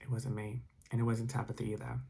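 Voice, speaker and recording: A man's voice: medium pitch, level tone, fast talker, gravelly, warm tone, husky. A man telling a spooky story casually, rambling with many fillers and dropping into whispers. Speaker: storytime narrator.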